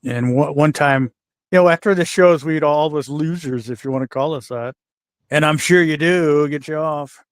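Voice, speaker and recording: An older man telling backstage stories in a casual, animated way, acting out the voices of the people in them. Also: a little high, normal speed, dry recording, clean studio sound. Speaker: guest wrestler telling stories. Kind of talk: casual storytelling.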